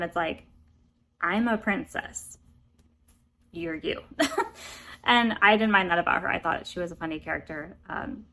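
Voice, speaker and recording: A woman's voice: medium pitch, a bit bright. An American woman giving a casual, rambling book review, chatty and often apologetic. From United States.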